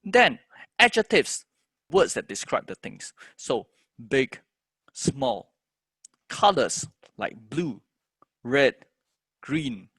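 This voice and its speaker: A man's voice: on the high side, huge pitch swings, extremely slow, vocal fry, long pauses, a bit bright, husky, no echo. A man teaching a music composition lesson, explaining step by step and chanting the words of a poem in rhythm.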